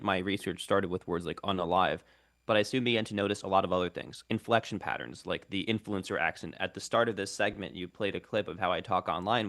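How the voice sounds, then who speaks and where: A young man with a fairly low voice talks as a radio guest. He explains ideas in long, fluent runs and restarts a phrase now and then. He sounds like a linguist who also makes online videos. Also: fairly bright tone. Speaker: guest linguist and content creator. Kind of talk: radio interview.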